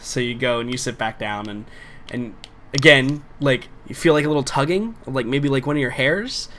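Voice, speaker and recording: A man running a tabletop game who describes scenes in a loose, rambling way, full of fillers. His voice sits at a middle pitch, with a faint hiss behind it. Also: normal speed, a bit bright. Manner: casual, rambling with many fillers. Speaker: game master.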